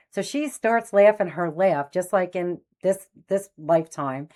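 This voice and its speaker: Woman in her sixties, a medium telling personal stories in a low voice, animated, acts out voices. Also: measured pace, hardly any pauses. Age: 60s. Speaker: spiritual medium host. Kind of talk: personal storytelling.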